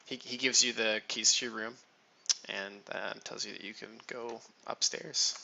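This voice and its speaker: Bright, gravelly-voiced game master man. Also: on the low side, steady tone, normal speed, slight background noise, poor audio. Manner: teasing, laughs often. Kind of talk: narrating a tabletop game.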